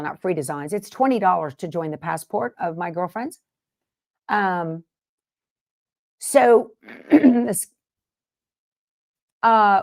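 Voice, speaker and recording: A woman's voice: on the high side, a little mellow. A woman hosting a sewing livestream, chatting casually with viewers and rambling from one topic to the next. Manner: rambling, jumps between topics and interrupts herself.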